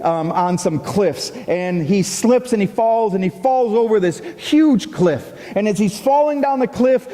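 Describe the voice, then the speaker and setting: A man preaching a sermon as pastor, animated and acting out the voices of the people he quotes. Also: high voice. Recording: long hall reverb.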